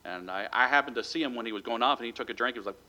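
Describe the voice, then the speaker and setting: Pastor, male, bright forceful tone, relaxed storytelling sermon delivery. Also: medium pitch, very fast. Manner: conversational storytelling with a light chuckle.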